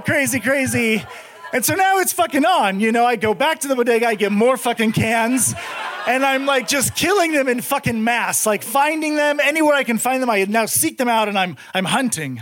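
A man doing stand-up, telling a long story to a live audience in a profane, excitable way that swings from muttered asides to shouted bursts. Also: very high voice. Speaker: stand-up comedian.

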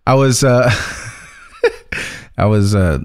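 A man's voice: medium pitch, drawn-out words, clean tone. Young male co-host, casual, amused storyteller, mid-range voice. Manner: laughs often while telling stories. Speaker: podcast co-host. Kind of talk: casual chat.

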